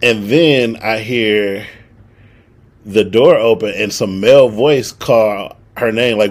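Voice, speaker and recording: A husky young man in his twenties tells a story in loose, swearing podcast chat. His voice sits low, and he slips into the lines of everyone in the story with lively delivery. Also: slow pace. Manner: animated, profane, acts out quoted dialogue. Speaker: podcast co-host.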